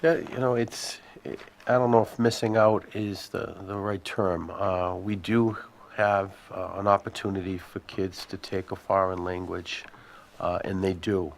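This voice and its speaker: A man serving as school superintendent, answering committee questions in a measured, explanatory way and thinking aloud as he goes. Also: low voice, level tone, creaky, a little hiss or hum.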